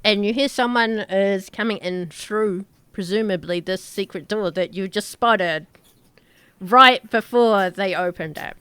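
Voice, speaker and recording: A woman runs a tabletop game, narrating scenes in a slow, halting way. Her voice is bright and smooth, recorded close and dry. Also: medium pitch, dry recording. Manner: slow, halting descriptions with fillers. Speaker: game master.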